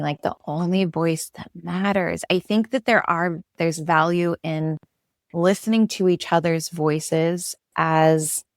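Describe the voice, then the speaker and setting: A woman's voice: on the low side, dry recording, studio quality. A woman podcast host in casual interview chat, telling a story and acting out the quotes with animation.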